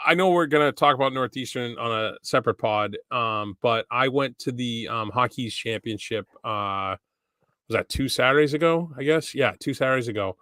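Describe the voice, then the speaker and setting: A man's voice: medium pitch, moderate pace, pushed and bright, no echo, clean studio sound. A young man co-hosting a hockey podcast, telling a long rambling story in casual chat and acting out the people he quotes. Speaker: podcast co-host.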